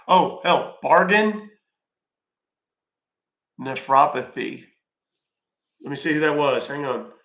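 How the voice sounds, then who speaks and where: A man's voice: mid-range voice, fairly bright tone, echoey room. A man hosting a live stream, chatting casually and joking as he reads viewer comments aloud. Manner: chatty, joking, talks to chat.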